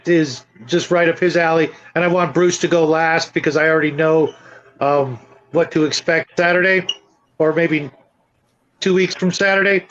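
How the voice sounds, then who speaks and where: Male moderator, high pitch, dull lo-fi mic, easygoing. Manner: relaxed, hands out questions. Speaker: podcast moderator. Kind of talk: casual podcast discussion. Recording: dull lo-fi recording.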